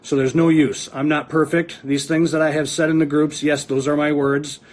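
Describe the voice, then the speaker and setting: A man reading his wife's messages aloud in a video statement, halting and pausing between phrases. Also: fairly high pitch, flat delivery. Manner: halting reading with fillers and restarts. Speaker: reality TV personality speaking for his wife.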